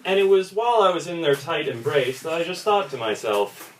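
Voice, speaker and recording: Young man doing stand-up, animated. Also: on the high side. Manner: animated storytelling, acts out others' voices in quick bits. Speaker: stand-up comedian. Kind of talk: stand-up comedy set. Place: small pub comedy room with audience laughter. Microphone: phone recording from the audience. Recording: roomy, distant phone recording with noise.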